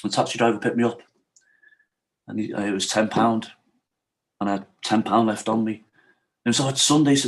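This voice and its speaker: A middle-aged man speaks as a podcast guest, his voice sitting at an ordinary mid pitch. He talks frankly and with emotion, acting out what other people said to him and often checking in with his listener. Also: quick pace, pauses often. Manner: often asks "you know what I mean?". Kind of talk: candid personal storytelling in an interview.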